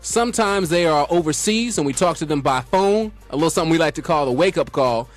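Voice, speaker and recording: A man's voice: fairly high pitch, lively intonation, fast talker, faint music behind. A man hosting a radio show in a studio, introducing the segment and steering the interview with questions in an upbeat manner.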